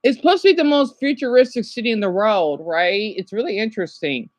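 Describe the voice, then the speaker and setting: A woman's voice: on the high side, lively intonation, brisk, no echo. A woman streaming casually, rambling and chatting to viewers by name as she reacts to a video. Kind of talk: casual live-stream chat.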